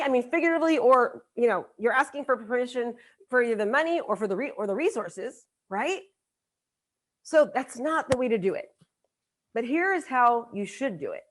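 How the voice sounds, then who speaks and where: A woman's voice: fairly high pitch, lively intonation, fairly quick. A middle-aged woman giving a motivational seminar talk as a business coach, emphatic and repeating her key lines for effect. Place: live event.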